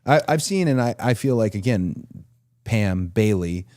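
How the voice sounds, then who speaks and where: Host, man in his forties, low mellow voice, loose rambling questions. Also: animated, a little slow, dry recording, clean studio sound. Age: 40s. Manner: rambling, restarts his thoughts. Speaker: podcast host. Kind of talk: casual interview chat.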